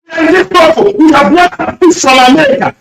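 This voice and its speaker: High-pitched, fiery man on an echoey line. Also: distant mic. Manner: emotional, rapid-fire accusations, shouting at times. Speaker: caller. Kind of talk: impassioned radio call-in speech.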